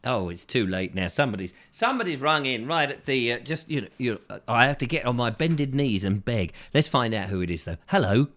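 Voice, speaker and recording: Playful rambling host. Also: male voice, medium pitch, expressive, fairly quick, few pauses, a bit bright. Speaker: host of a call-in show. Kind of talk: casual chat.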